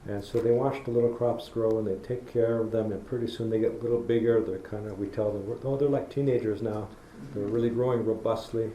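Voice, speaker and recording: A middle-aged man lectures publicly in a university hall, offering folksy stories and acting out his way of talking to kids. His warm voice sits on the low side, steady and brisk with few pauses. The recording is echoey with faint noise.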